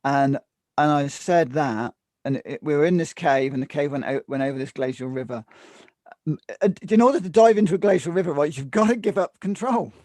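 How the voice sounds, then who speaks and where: A man talks through a relaxed podcast conversation, his voice sitting a little above the usual male pitch. He acts out other people's lines in quick asides. The sound is close and dry, with no room around it. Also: no room sound. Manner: animated, mimics others in quoted asides. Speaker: podcast co-host. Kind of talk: casual conversation.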